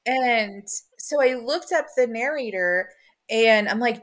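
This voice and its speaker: A woman's voice: fairly high pitch, normal speed, fairly bright tone. A woman hosting a podcast, chatting casually in a rambling way with many fillers. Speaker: podcast host. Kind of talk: casual conversation.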